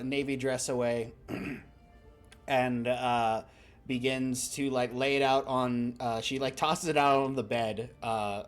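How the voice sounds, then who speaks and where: A man running a tabletop game, telling the scene in a loose, rambling way. He stops often for fillers and breaks into laughter as he goes, at a middle pitch. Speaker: game master.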